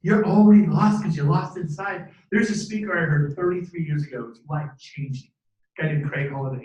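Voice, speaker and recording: A man in his fifties giving an energetic motivational talk to a live audience, preachy and animated, with sudden shouted bursts and jokey asides. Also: fairly high pitch, a little hiss or hum. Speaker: motivational speaker at a team training event. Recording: echoey room from a distant mic.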